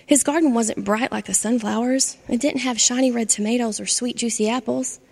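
A woman reading a children's storybook aloud with expressive narration. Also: a little high, a little fast, vocal fry. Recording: long hall reverb.

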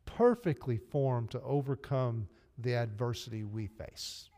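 Southern pastor preaching in a reverberant church. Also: male voice, mid-range voice, a little slow, warm tone. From Arkansas. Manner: earnest, direct, addresses the congregation. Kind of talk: sermon. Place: church sanctuary. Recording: long hall reverb, faint music. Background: faint music.

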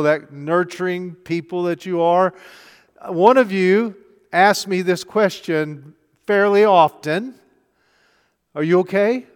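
An older man, a pastor, preaching a chatty sermon full of rhetorical questions. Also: high voice. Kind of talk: conversational sermon. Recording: long hall reverb.

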